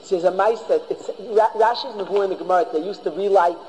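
Rabbi lecturing a yeshiva class: high voice, emphatic, repeats himself, long hall reverb. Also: male voice, fast, darkish tone, a little hiss or hum. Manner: emphatic, repeats and restarts phrases. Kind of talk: Torah lecture.

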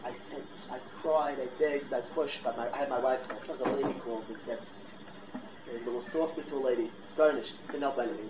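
Fiery exhorting rabbi in a roomy hall. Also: male voice, a little high, quick pace. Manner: fiery, exhorting, mixes Hebrew and Yiddish terms. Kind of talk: Torah class sermon. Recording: roomy, dull lo-fi recording with noise.

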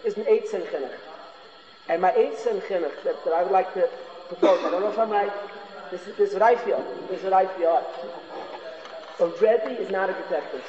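Guy teaching a torah class, kinda high voice, says stuff twice to drive it home, roomy echoey sound. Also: fairly quick, a little mellow. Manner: earnest, repeats phrases for emphasis. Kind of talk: informal Torah lecture. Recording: echoey hall, dull lo-fi sound.

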